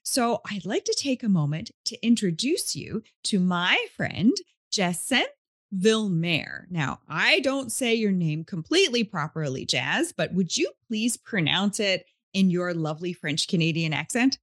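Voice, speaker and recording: A woman's voice: medium pitch, very animated, measured pace, a bit bright, no echo, studio quality. A woman hosting a podcast, introducing her guest in an upbeat, effusive way. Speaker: podcast host.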